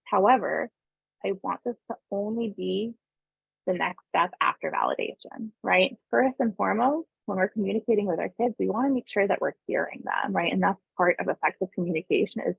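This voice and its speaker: Gravelly woman on a tinny webinar line. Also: mid-range voice, a little fast, dry recording. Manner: conversational, often adds tag questions; calm explaining tone, briefly voices parents and kids. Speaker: parenting webinar presenter. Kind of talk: informal online presentation. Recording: tinny phone-like dry webinar audio.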